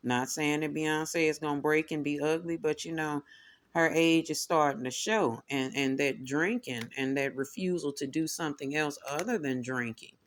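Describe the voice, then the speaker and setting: A man hosts a tarot reading, speaking in a slightly high, somewhat bright voice at a normal pace. His manner is sassy and casual, and he keeps addressing listeners as "honey" and "y'all."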